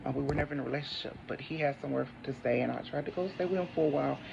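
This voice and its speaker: A woman's voice: deep voice, rapid-fire, gravelly, muffled recording, background noise. A woman in her thirties, a single mother talking to her viewers at home, mixing casual chat with declarations of faith. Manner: preachy, declaring faith, talks to viewers as honey. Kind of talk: casual testimony vlog. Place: home, indoors.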